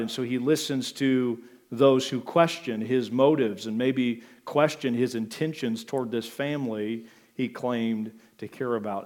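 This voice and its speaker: Man preaching a conversational sermon. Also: mid-range voice. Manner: conversational preaching with asides and emphatic rises. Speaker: pastor.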